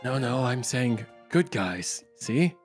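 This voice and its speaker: A man's voice: medium pitch, slow pace, faint music behind. A man chatting casually with friends on voice chat while streaming a social deduction game, playful and talkative. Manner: playful, chatty, lively intonation.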